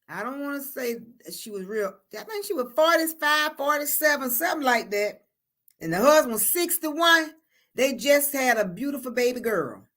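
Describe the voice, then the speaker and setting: A high, bright-voiced woman, chatting casually on a livestream. Her pitch swings all over as she reads out comments, laughs a lot and calls everyone honey and baby. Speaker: livestream host reading viewer comments.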